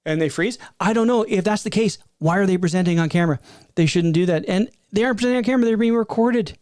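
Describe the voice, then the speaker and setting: A man in his fifties giving a rambling, animated spoken reaction from his desk, with exasperated asides. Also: high voice, fast talker, dry recording, studio quality. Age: 50s. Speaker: tech streamer. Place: at a desk before a green screen.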